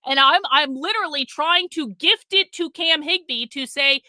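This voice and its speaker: A woman's voice: sits high, moderate pace, pushed and bright, no echo. A woman hosting a live stream, ranting in a profane, combative way with a sarcastic, mocking edge, stopping to read and thank viewers' super chats.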